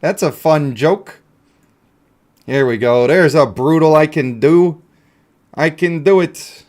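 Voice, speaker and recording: Playful man with a higher voice. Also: takes it slowly, darkish tone. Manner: playful, jokey, talks to himself and viewers. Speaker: gaming YouTuber. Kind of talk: casual gameplay commentary.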